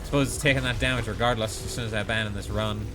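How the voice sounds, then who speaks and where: A man's voice: lowish voice, steady tone, rapid-fire, noisy background. A man streaming a video game live, chatting sarcastically and mocking himself with dramatic outbursts. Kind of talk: live gaming commentary.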